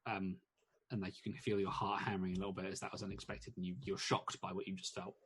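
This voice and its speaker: A man's voice: low-pitched, level tone, fast talker, fairly bright tone, breathy edge. A man narrating as game master in a tabletop game, rambling with many restarts and fillers.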